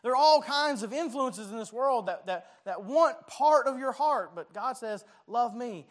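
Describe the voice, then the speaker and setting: A man's voice: very high voice, expressive, moderate pace. A man, preaching in a loose, conversational way. He pokes fun at himself and trips over his words, repeating them as he restarts his thoughts. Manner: conversational, self-deprecating, stumbling restarts. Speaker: pastor. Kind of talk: sermon.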